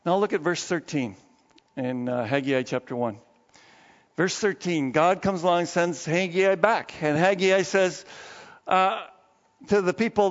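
A male pastor preaching a sermon in a conversational, animated way, dropping to low asides and then rising into excited bursts. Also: unhurried. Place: church sanctuary. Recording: long hall reverb, dull muffled sound.

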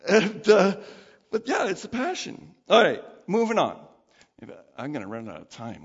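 A man preaching a sermon as pastor, conversational and animated, acting out quoted voices. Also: on the high side, moderate pace, gravelly, slightly rough. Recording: dull sound with long hall reverb.

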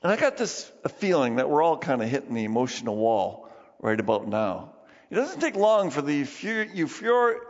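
Male pastor, high lively voice, animated storytelling sermon, dull hall recording. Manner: animated, acts out crowd voices, laughs often. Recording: dull sound in a reverberant hall.

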